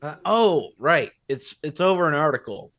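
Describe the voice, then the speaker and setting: A man's voice: fairly high pitch, big pitch swings, moderate pace, fairly bright tone. A man from Canada in casual podcast banter, answering in short, laid-back replies that trail off.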